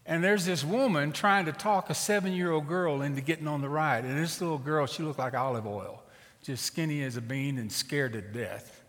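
A middle-aged man preaching a sermon as a pastor and telling a story in an animated, conversational way. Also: on the high side, moderate pace. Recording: reverberant hall.

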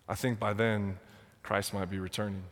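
A man's voice: lowish voice, little pitch movement, moderate pace, a bit bright. Young male pastor, passionate sermon and prayer, on the verge of tears, recorded in a reverberant sanctuary. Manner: passionate, emotional, near tears. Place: church sanctuary. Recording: long hall reverb.

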